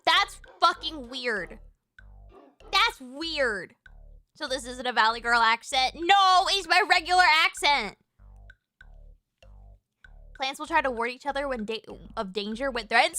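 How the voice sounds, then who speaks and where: A woman streams live, talking off the cuff in a high, bright voice. Her thoughts spill out with "like" at every turn, casual swearing, and sudden excited squeals. Faint music plays softly in the background. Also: unhurried. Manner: rambling, filler-heavy, swears freely, animated squeals. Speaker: livestreamer. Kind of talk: casual chat on a livestream.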